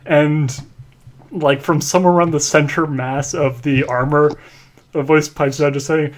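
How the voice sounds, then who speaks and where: Rambling higher-voiced player. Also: male voice, fairly even intonation, measured pace. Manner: rambling, many likes. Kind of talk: casual tabletop narration.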